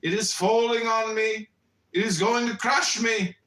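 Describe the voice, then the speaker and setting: A man's voice: high-pitched, steady tone, a little slow, pitched above the performer's own voice. A man voicing a terrified man trapped in a nightmare, crying out in panic during a story reading. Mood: fearful. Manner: panicked, shouting pleas. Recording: roomy, distant mic.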